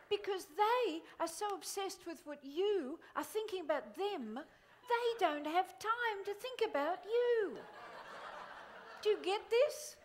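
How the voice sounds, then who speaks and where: A middle-aged woman giving a live motivational keynote to a conference audience, animated and exclamatory. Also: high-pitched, moderate pace, slight background noise. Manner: animated, exclamatory, quotes others in funny voices. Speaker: motivational speaker. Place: conference hall before an audience.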